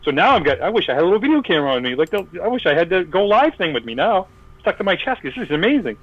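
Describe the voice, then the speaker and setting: A man's voice: high voice, sing-song, racing, muffled recording. A man telling a long story in casual podcast chat, acting out the voices of the people in it, with many fillers and restarts. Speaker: podcast guest.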